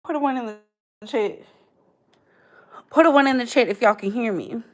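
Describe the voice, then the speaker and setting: Woman, 30s, livestream host; slangy, animated gossip commentary, voice sits a touch high. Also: normal speed. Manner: chatty, animated, slangy, calls viewers "baby".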